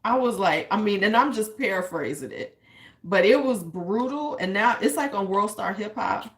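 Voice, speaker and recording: A woman's voice: mid-range voice, expressive, normal speed. Blunt, candid woman vlogger. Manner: blunt, candid, swears freely; retells stories by acting out quotes. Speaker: beauty vlogger. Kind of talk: casual commentary.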